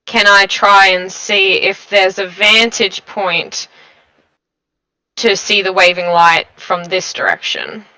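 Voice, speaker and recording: Bright-voiced woman tabletop player. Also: medium pitch, expressive, slow, rough recording. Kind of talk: casual tabletop game play.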